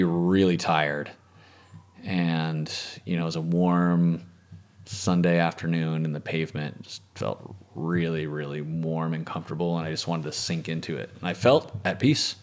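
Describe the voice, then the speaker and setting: A man telling a personal story in an interview, calm and reflective, often letting his voice trail off softly. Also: low voice. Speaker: interviewee, former medic and lifeguard.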